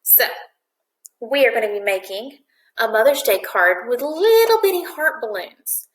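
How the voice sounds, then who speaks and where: A woman teacher walks young children through a craft project in a video lesson. Her voice sits a touch high, and every instruction comes patiently and clearly. The room around her has a noticeable echo. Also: very animated, measured pace. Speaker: first-grade teacher. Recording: echoey room.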